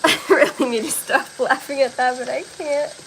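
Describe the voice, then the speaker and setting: A woman's voice: high voice, steady tone, moderate pace, gravelly, a bit bright, slight background noise, poor audio. A young woman streaming casually, tired and giggling through her words as she chats. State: overtired. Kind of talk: casual livestream chat while drawing.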